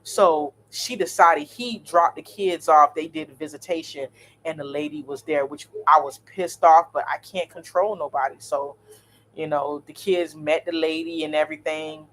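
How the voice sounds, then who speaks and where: A woman, in her thirties, telling a story in a blunt, animated, cursing vlog style. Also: low-pitched, normal speed, a little hiss or hum. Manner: blunt, animated, swears freely. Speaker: vlogger.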